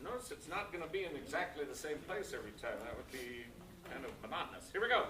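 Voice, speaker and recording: Talking quickly in a slightly high voice, a man directs a choir rehearsal with animation, counting in, demonstrating lines by singing, and explaining diction and stresses. A far-off camera records him in an echoey space with piano and choir singing behind.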